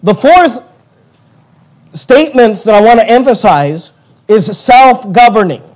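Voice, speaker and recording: A man preaching a sermon as pastor, fervent, with quick asides to the congregation. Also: very high voice, darkish tone.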